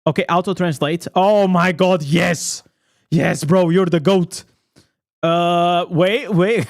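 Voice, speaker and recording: A man giving casual, excitable reaction commentary as a gaming content creator, chatty and laughing often. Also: sits high, slow.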